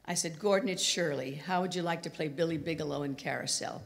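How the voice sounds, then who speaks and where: A woman's voice: low-pitched, brisk, creaky. A woman in her eighties giving a chatty talk full of anecdotes, acting out the quoted lines of people in her stories. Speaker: guest speaker. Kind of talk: storytelling talk. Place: university lecture hall. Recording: reverberant hall.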